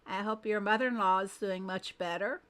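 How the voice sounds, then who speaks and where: Greeting each viewer by name, a woman runs a casual game stream and muses aloud as she tweaks her screen. Her medium-pitched, slightly bright voice keeps a fairly even intonation at a moderate pace.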